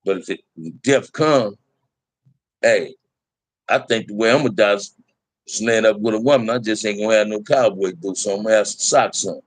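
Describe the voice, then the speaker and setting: A man's voice: lowish voice, moderate pace, no room sound. A middle-aged man telling prison stories in casual talk to a live chat, candid and laid-back, full of street slang.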